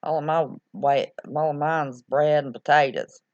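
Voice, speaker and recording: A woman's voice: low-pitched, fairly even intonation, a little slow, a little mellow. A woman hosts a casual livestream, rambling and reacting aloud to viewer comments. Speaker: livestream host reading viewer chat. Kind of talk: casual live-stream chat. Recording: slightly dull lo-fi sound.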